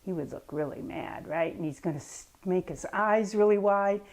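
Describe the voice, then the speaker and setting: A woman's voice: medium pitch, moderate pace, darkish tone. A woman reading a picture book aloud and coaching children through yoga poses in a patient, encouraging way. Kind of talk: storybook reading with kids' yoga instruction.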